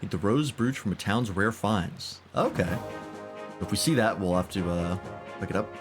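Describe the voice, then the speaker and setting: A man's voice: on the low side, normal speed. A man giving casual, irreverent let's-play commentary while playing a game. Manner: joking, irreverent. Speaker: gaming streamer. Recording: game music behind voice. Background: game music.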